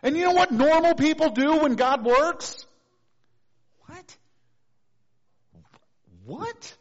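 A man preaching a sermon as pastor, animated and quick to act out voices of the people in the story. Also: extremely high pitch. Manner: animated, acts out voices of figures. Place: church sanctuary. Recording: dull lo-fi recording with long reverb in a church.

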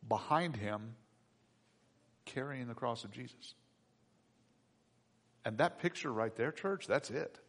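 A man preaching a sermon as pastor, moving between hushed reflection and loud, excited bursts. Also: mid-range voice, husky. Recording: long hall reverb.

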